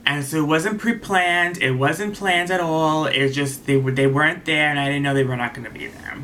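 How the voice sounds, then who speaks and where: A man's voice: on the high side, moderate pace, bright, forceful tone, a little hiss or hum. A man recapping a reality show episode in a casual, rambling way, retelling what the cast said and openly taking sides, with many ums and restarts.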